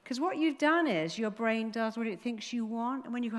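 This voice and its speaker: A woman therapist giving a motivational talk to a live audience. She speaks in a lively way and acts out inner dialogues in changing voices. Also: a little high, normal speed, hardly any pauses. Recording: echoey hall with long reverb.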